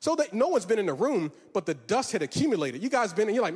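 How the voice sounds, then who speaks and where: A man with a high voice preaches, lifting his lines into a sing-song cadence and stretching words for weight. His voice rings with a long reverb off a large hall. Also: very animated, fast talker, hardly any pauses, darkish tone, husky. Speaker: pastor. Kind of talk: sermon.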